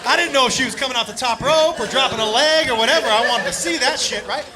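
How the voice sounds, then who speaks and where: A man doing stand-up comedy, telling a story in an excitable, profane, animated way. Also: extremely high pitch, quick pace. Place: comedy club stage. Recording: live club, loud crowd and noise. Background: audience laughter and noise.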